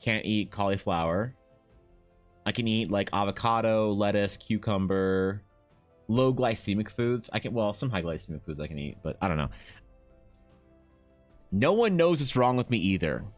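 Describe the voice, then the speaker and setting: A man's voice: lowish voice, animated, moderate pace, pauses often, soft background music. A man chatting casually on a livestream, rambling with lots of fillers and casual swearing, reading chat and talking to his dog. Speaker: art streamer.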